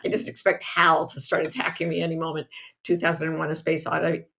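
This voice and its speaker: A woman hosting a casual podcast who tells stories in an animated, self-mocking way and laughs often. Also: sits low, brisk, vocal fry. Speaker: podcast host.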